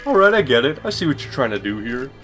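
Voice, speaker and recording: A man's voice: mid-range voice, big pitch swings, fairly bright tone, faint music behind, pitched above the performer's own voice. A man doing a sneering sing-song villain. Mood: taunting. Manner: mocking, drawn-out, theatrical. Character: sneering, sing-song male villain taunting a night guard.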